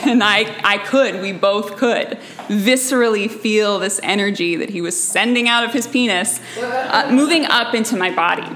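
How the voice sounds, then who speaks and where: A woman's voice: mid-range voice, moderate pace, noisy background. A young adult woman telling an intimate personal story on stage, emotional and reflective. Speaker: storyteller and guest.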